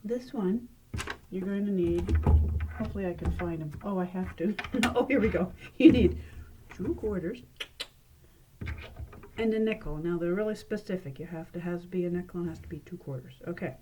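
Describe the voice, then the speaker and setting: A woman's voice: lowish voice, moderate pace, pauses often. Chatty woman showing coin tricks. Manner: chatty and playful, laughs at her own slips. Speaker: librarian demonstrating magic tricks. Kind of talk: casual how-to demonstration. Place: library. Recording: noisy room with clicks.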